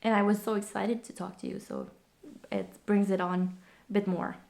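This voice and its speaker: A woman's voice: medium pitch, steady tone, moderate pace, vocal fry, darkish tone. Breathless woman chatting on her podcast. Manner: rambling, with frequent fillers and restarts. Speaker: podcast host. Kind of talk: casual chat.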